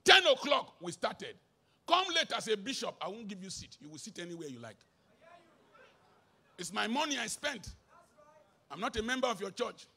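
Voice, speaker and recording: Nigerian-accented man, middle-aged, emphatic sermon; bright, husky edge, dips into Pidgin. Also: sing-song, normal speed, long pauses. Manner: emphatic, swinging from shouted bursts to low asides, mixing in Pidgin. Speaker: preacher.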